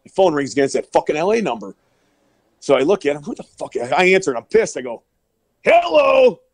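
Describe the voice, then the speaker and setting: A middle-aged powerlifter guesting on a podcast, telling rowdy, profane stories and laughing often over a remote call that breaks up. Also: male voice, fairly high pitch, expressive, fast, no echo. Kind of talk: casual storytelling.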